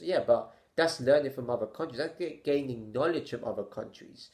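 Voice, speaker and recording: A man vlogging his opinions to camera in a halting, stammering way, sighing with exasperation and firing off rhetorical questions. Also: on the high side, animated, darkish tone.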